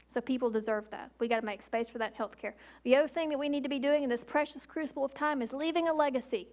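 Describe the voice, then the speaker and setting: High-voiced woman giving an emphatic talk. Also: a little mellow. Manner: emphatic, with slow deliberate pauses. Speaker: emergency physician speaker. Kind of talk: public talk.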